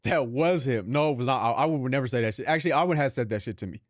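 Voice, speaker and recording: A man's voice: mid-range voice, rapid-fire, no room sound. Young man streamer chatting loosely, dry close sound. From Filipino. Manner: loose, profane, laughing banter with chat. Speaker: live streamer. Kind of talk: casual stream chat.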